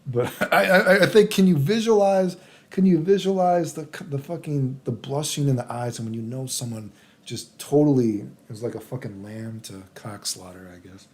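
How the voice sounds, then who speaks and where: A man of middle pitch tells a story in a loose, casual vlog. He rambles and talks crudely, restarting his sentences and tagging them with "dude" and "right?". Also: moderate pace, darkish tone.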